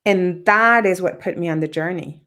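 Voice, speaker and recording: A woman guest on a podcast, telling a personal story in a lively, conversational way and acting out what others said. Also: on the low side, moderate pace. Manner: animated, acts out quoted dialogue, laughs often.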